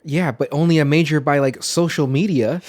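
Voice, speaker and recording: A man co-hosting a casual movie podcast, joking and swearing with quick interjections. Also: fairly high pitch, steady tone, darkish tone. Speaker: podcast co-host.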